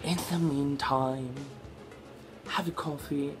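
A woman hosting a gaming channel, giving let's-play commentary and shouting fruit words in place of curses when exasperated. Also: sits low, fairly even intonation, takes it slowly. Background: background music.

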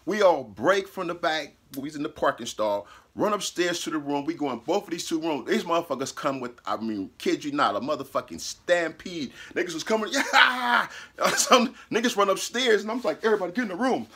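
A man casually telling a personal story, animated and profane, laughing mid-sentence and acting out what people said. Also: fairly high pitch, brisk, slightly rough.

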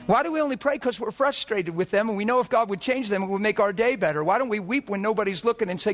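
An impassioned male preacher with a high voice pours out a sermon, firing rhetorical questions and climbing to emphatic peaks. His voice rings out with long reverb in a church hall. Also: fast, hardly any pauses, a bit bright. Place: church service before a congregation.

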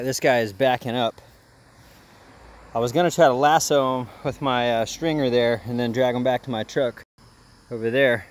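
A man giving casual, joking commentary outdoors by a pond while fishing, excitable and quick to chuckle. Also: mid-range voice, a little hiss or hum. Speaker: fishing vlogger.

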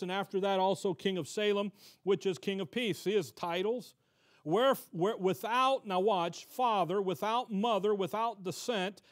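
A man, teaching the Bible in a loose, conversational way. He reads verses aloud, stops to ask his listeners questions, and often backs up to restart a thought. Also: sits high. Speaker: pastor. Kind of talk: expository Bible-study sermon.

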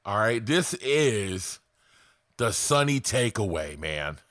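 A man's voice: fairly low pitch, big pitch swings, slow pace, a bit bright, no room sound, clean studio sound. A man giving casual, blunt sales coaching to camera, swearing freely.

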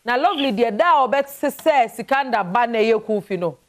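A woman hosting a radio call-in show, chatting with callers and reading listeners' messages, lively and quick to laugh. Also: a little high. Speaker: radio talk show host.

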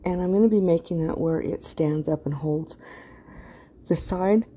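Talking casually through a craft project, a middle-aged craft channel host records a tutorial voice-over in a low, warm voice that runs a little fast. She rambles, keeps losing her words, and yawns mid-speech, while a little hiss or hum runs beneath the audio.

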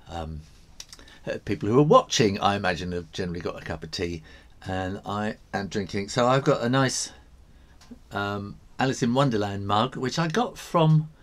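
A man's voice: on the low side, expressive, normal speed. An English man hosting a live drawing stream, chatting casually, reading out viewer comments and laughing often. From England.

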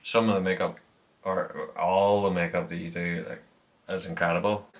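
A man's voice: deep voice, little pitch movement, normal speed, lo-fi sound. A young man, chatting casually and teasing his girlfriend in good humour. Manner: laid-back, complaining in good humour. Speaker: vlogger's boyfriend. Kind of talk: casual chat.

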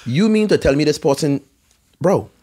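A man from the US Virgin Islands with a Caribbean accent tells an animated story as a podcast guest. His fairly high-pitched, mellow voice is expressive and moves at normal speed, and his delivery is laid-back, rambling and full of slang.

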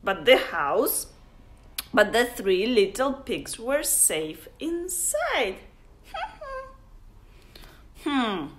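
A woman's voice: a little high, sing-song, drawn-out words, long pauses, slight background noise. A woman, an English teacher playfully reading a picture book aloud to young children, with sound effects and whispers. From Russia. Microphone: phone on a livestream.

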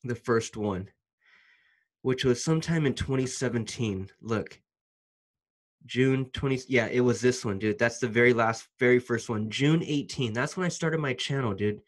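A man's voice: medium pitch, normal speed. Fired-up slangy man vlogging. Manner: excited, slangy, lots of "dude" and restarts. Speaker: YouTuber. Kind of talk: casual vlog talk to camera.

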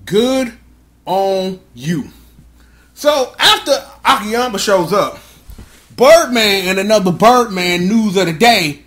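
A man giving a comedic, casual recap of an episode in animated, slangy, jokey storytelling. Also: high voice, a little slow. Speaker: show reviewer.

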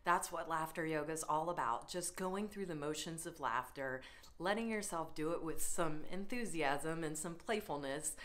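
A middle-aged woman leading a laughter yoga session, giving encouraging, unhurried instructions. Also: low-pitched, a bit bright. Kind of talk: guided laughter exercise.

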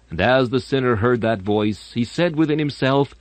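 A man's voice: on the low side, expressive, normal speed, few pauses, no echo. Dramatic male sermon voice, dry. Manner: dramatic, sweeping rises and falls; solemn, archaic phrasing. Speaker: preacher. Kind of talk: sermon reading.

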